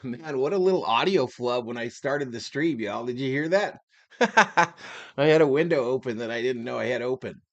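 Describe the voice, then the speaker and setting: A man hosting a live sports stream, chatting in an upbeat, slangy way and giving shout-outs to his chat. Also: mid-range voice, expressive, normal speed, muffled recording.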